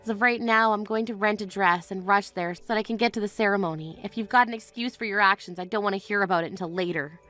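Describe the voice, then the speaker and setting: A woman's voice: medium pitch, fast talker, hardly any pauses, a bit bright, soft background music, lightly acted. A woman voicing an indignant young bride who answers with cutting firmness in a voiced text-story drama. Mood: cold firm.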